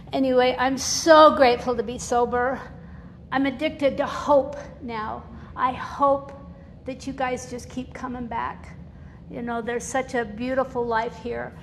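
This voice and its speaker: Older woman, guest speaker at a recovery meeting, candid and emotional, laughs often; gravelly voice, recorded in a hall with a long echo. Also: on the high side. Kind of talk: personal testimony talk. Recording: reverberant hall with faint noise.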